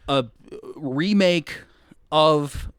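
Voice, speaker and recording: A man's voice: on the high side, drawn-out words, clear, resonant tone, no room sound, clean studio sound. A man co-hosting a podcast in casual chat, rambling and swearing with frequent restarts. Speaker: podcast co-host.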